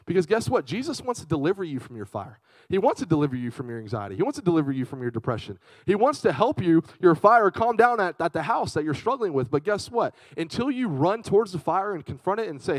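A young man gives an animated youth sermon in a slightly high voice. He swings from loud bursts to hushed asides while he tells his stories. The sound is close and dry. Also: quick pace, no room sound, rough recording. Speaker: youth pastor.

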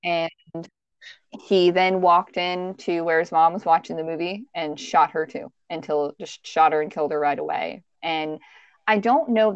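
A woman with a fairly low voice recounts a true-crime case on a podcast, talking casually and circling back with restarts and fillers. The recording is dry and close, with a slightly dull, muffled tone. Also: dry recording. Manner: conversational, hesitant restarts and fillers. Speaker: podcast host.

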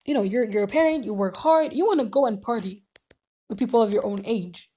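A woman's voice: a little high, a little fast, dark tone, breathy edge. A woman giving casual advice in a rambling way, full of restarts and fillers. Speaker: podcast host.

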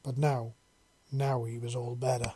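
A man narrating a storybook chapter in a calm, unhurried, even way. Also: medium pitch, husky. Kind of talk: storybook reading.

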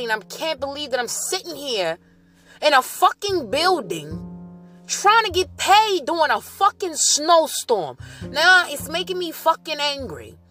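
High-pitched, bright-voiced ranting woman. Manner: heavy swearing, agitated ranting. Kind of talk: profane rambling voice memo.

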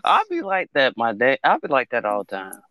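A young man from Alabama with a Southern accent, chatting casually on a podcast, excitable, laughing often and jumping into high shouts. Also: fairly quick. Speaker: podcast co-host. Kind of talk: casual chat. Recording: dry dull lo-fi mic.

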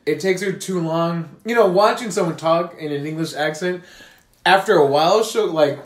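On this casual podcast, a young male co-host with a voice on the high side speaks at a moderate pace. His storytelling is animated, full of laughter and acted-out quotes, recorded in an echoey room.

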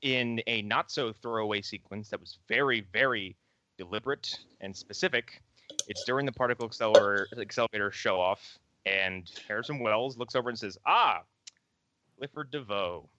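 Bright, dry-voiced man talking comics. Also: lowish voice, fairly quick, no echo, lo-fi sound. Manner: animated, acts out quoted characters. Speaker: podcast co-host. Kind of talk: casual podcast chat.

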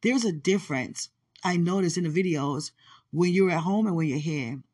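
A woman's voice: lowish voice, expressive, normal speed, a little mellow, husky. A woman hosting a podcast, talking in a casual, teasing monologue and laughing often. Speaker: podcast host.

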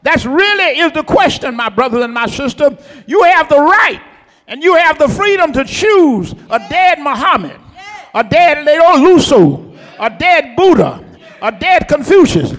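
Man preaching easter sermon, very high bright voice, fiery shouting cadence, long hall reverb over soft music. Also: big pitch swings, unhurried. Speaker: pastor.

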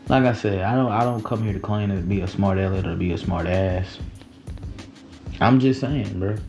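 A man's voice: lowish voice, vocal fry, poor audio. A young man in his twenties hosting a casual late-night livestream, talking in rambling, profane slang with many restarts. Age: 20s. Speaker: livestream host.

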